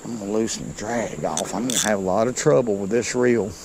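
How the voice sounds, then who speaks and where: A man, giving excited, folksy commentary to viewers while he fishes a creek outdoors. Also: lowish voice, brisk, background noise. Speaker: fishing vlogger.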